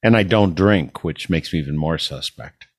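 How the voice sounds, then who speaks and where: Man from wisconsin, radio host, very deep voice, dry studio sound, curious, casual interview. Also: moderate pace, husky, no room sound.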